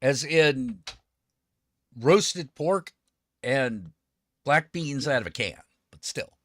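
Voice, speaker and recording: A man's voice: medium pitch, lively intonation, slow, fairly bright tone, no room sound, clean studio sound. A man hosting a casual podcast, joking in a sarcastic, profane way. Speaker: host.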